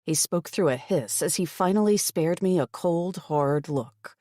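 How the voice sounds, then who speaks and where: A woman's voice: lowish voice, a little slow, no room sound. Woman narrating a fantasy audiobook, dry booth. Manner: wry, expressive storytelling. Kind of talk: first-person audiobook narration.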